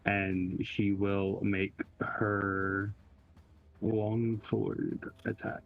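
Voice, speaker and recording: A man playing a tabletop game, talking in a halting way and repeating words as he describes his character's moves. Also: fairly low pitch, little pitch movement, vocal fry. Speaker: player. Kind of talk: casual tabletop game chat. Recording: muffled phone-like line with faint music.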